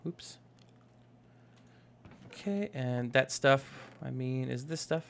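A man's voice: medium pitch, animated, takes it slowly, creaky, slight background noise. Young male let's-player, casual and rambling, self-correcting, jokey. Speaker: gaming YouTuber. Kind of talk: casual Minecraft let's play commentary.

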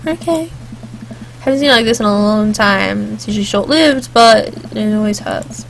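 A woman's voice: medium pitch, brisk, gravelly, a bit bright, soft background music. A woman playing a story game, reading its text aloud and breaking off for chatty, joking asides. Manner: chatty, jokey asides, sings snatches. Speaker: let's play gamer.

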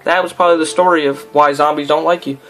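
A young man narrating his gameplay in a loose, goofy ramble, chatting away to himself and the game. His voice sits a little high, with faint game music underneath. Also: steady tone, fast, a bit bright. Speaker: gameplay commentator. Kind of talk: casual let's-play commentary.

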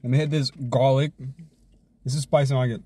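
A man streaming himself eating fast food, joking around, swearing often, and humming between bites. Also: medium pitch, steady tone, mellow, breathy edge. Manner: hyped, joking, swears a lot, chews and hums between bites.

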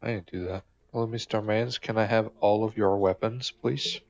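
A low, gravelly man riffs through his gameplay in a loose, joking way, swearing and mocking the people on screen. His voice comes through a dull, lo-fi mic. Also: fairly even intonation, normal speed, slight background noise. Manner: joking, swearing, talks to game characters. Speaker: gamer. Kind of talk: casual gameplay commentary.

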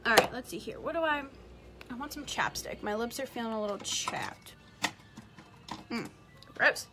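A young beauty vlogger livestreams a makeup tutorial from home, chatting and rambling while saying "like" constantly. Her voice is on the high side at normal speed, and music plays underneath.

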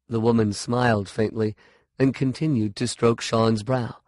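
A man narrating a fantasy short story in a slow, measured reading. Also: mid-range voice, fairly even intonation, a little mellow, no room sound, clean studio sound.

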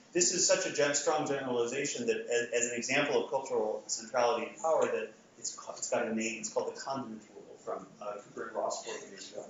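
Speaking at medium pitch, a lecturer addresses a live audience in a lecture hall, keeping it conversational but often restarting and using fillers. He's recorded from a distance in an echoey room, so the audio is dull, with slight background noise.

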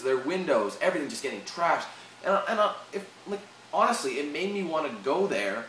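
A man's voice: medium pitch, a bit bright. A young Canadian man venting in a heated, profane rant for his video channel, with frequent restarts. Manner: swearing, heated, repetitive restarts. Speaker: vlogger. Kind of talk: angry rant vlog. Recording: echoey room, far from mic, faint hiss.

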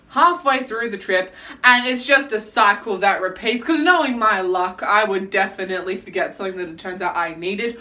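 A woman talks to her camera in a loose, chatty vlog, full of dramatic self-mocking asides. Her voice is bright and sharp. She sits a little back from the mic, so the sound has some distance to it. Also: medium pitch. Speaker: vlogger.

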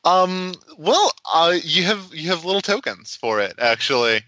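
Bright, dry-voiced man explaining his game. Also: a little high, very animated, moderate pace, no echo, low-quality recording. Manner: thoughtful, explanatory, with frequent restarts. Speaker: game designer guest. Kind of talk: podcast interview.

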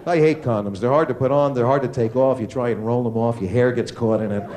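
Brief: man, stand-up comic, crude and animated, live club mic, roomy echo, loud audience behind. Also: fast talker, a crowd in the background, noisy background. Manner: crude, animated, jumps into high squeaky voices for quoted characters. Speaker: stand-up comedian. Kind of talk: stand-up comedy set. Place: comedy club stage with a laughing audience.

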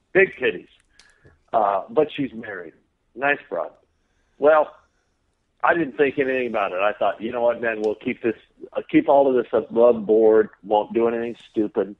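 A man's voice: medium pitch, measured pace. A man with a Texan accent telling a profane, laughing story in casual podcast chat. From Texas. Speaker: guest. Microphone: phone call. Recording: tinny phone line.

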